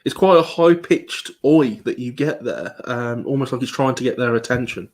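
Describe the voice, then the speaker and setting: A man giving a live online presentation as a paranormal investigator, talking with many pauses and restarts. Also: medium pitch, lively intonation. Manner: hesitant, many ums and restarts.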